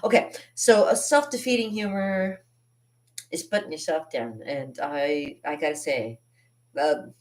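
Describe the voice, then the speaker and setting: Woman in her fifties, low voice, rambling, self-deprecating, laughs at herself, casual comedic monologue. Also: measured pace. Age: 50s. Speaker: artist and channel host.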